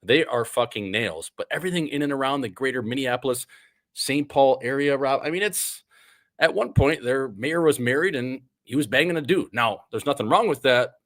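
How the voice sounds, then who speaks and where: A man's voice: mid-range voice, animated, normal speed, no room sound. A man from Wisconsin, hosting a podcast in loose, joking banter. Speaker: podcast host. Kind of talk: casual chat.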